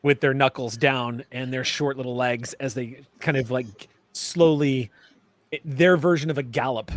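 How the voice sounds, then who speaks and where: A man narrating a tabletop game as game master, relaxed and chatty with many fillers. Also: mid-range voice, a little slow, dry recording.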